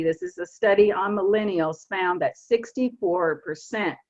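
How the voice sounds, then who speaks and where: A woman in her sixties with a Southern accent, giving an earnest, emphatic motivational talk to her team on a video call. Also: fairly low pitch. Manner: earnest, emphatic, stresses key words slowly. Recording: muffled lo-fi video call audio.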